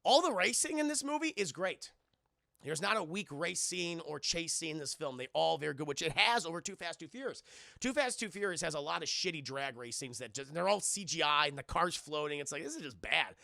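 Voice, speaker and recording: A young man streaming a casual, profane scene-by-scene movie recap, acting out characters in quick quoted bits and thanking his chat. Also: on the high side, expressive, gravelly, bright, forceful tone, dry recording, clean studio sound. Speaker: movie reviewer streaming live.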